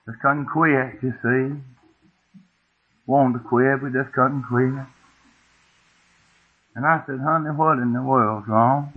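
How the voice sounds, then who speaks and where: A man's voice: medium pitch, fairly even intonation, slow, long pauses, husky. A middle-aged man, preaching a sermon as a folksy, homespun story, often asking the congregation questions. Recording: tinny phone-like old tape.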